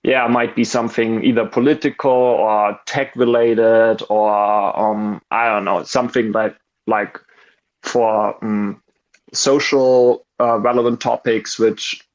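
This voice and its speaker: A man from Germany with a German accent, speaking English in casual chat, halting and full of ums and restarts. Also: fairly low pitch, steady tone, highs cut off. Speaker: caller in an audio chat room.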